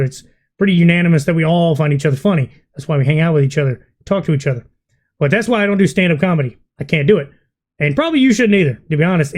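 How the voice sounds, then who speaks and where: A man's voice: high-pitched, a little mellow. A man giving blunt, exasperated commentary on a video, swearing freely as he rants. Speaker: vlogger reacting to a video. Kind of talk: ranting commentary.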